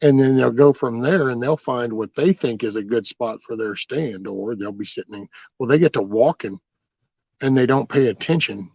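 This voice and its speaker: A man's voice: medium pitch, normal speed, creaky, darkish tone, no room sound. A man hosting a livestream, rambling through folksy stories with mild cursing as he answers viewer comments. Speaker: livestream host.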